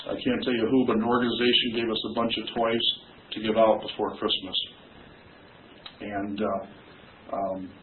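A middle-aged male pastor preaching a sermon, swinging from loud, rising emphasis to quiet, emotional asides. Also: medium pitch, slight background noise. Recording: distant, echoey, phone-like church recording.

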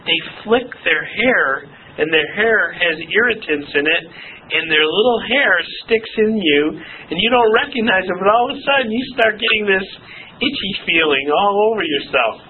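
A man preaching a sermon at a church service, lively, mixing Bible readings with stories. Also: high-pitched, normal speed. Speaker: pastor. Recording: tinny phone-like recording with faint noise.

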